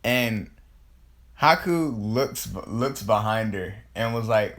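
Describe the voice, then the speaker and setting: Low-voiced guy telling a fan story off the cuff, loose and rambly. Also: animated, slow pace, fairly bright tone. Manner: rambling, many restarts, casual swearing. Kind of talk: improvised fan-fiction retelling.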